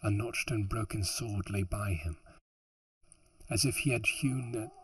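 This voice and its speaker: In these audiobook outtakes, the narrator, a man with a fairly low, fairly bright and breathy voice, takes his time, stumbles through a fantasy text, restarts lines, and jokes to himself between passages. The recording is of low quality.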